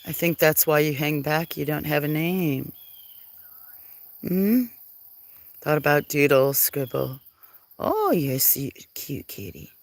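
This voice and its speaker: Unhurried, gravelly live-stream host filming farm cats on a phone; chatty and apologetic with viewers. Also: mid-range voice, animated, no room sound. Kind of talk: casual live-stream chat. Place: farm, among the cats at feeding time. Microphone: handheld phone.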